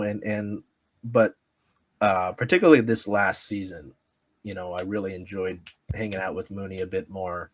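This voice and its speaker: Laughing, rambling American sports reporter. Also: male voice, lowish voice. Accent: Pacific Northwest American. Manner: rambling, laughs often, many fillers. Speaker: sports media creator, guest. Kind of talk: casual podcast interview storytelling.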